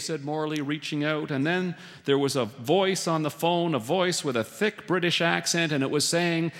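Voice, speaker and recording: A man's voice: a little high, moderate pace, hardly any pauses, fairly bright tone, big-room sound. A man telling a humorous story with a dry, wry delivery.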